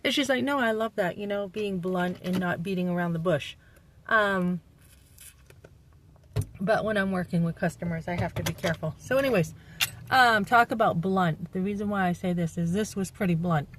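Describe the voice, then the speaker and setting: A woman's voice: fairly low pitch, moderate pace, a little hiss or hum, low-quality recording. A middle-aged woman from New England, talking bluntly and rambling with fillers in a casual vlog, recorded on a phone in her parked van. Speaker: vlogger.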